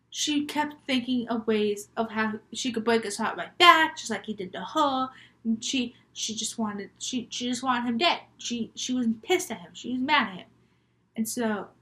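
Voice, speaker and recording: A woman's voice: fairly high pitch, fairly bright tone. A young woman vlogger telling made-up scary stories in a chatty, rambling, giggly way. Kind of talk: casual storytelling vlog.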